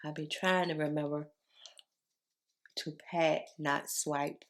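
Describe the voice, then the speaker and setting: A woman chatting casually through a makeup tutorial, speaking low in her morning voice and calling her viewers y'all. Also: steady tone, slow pace, pauses often. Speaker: beauty vlogger.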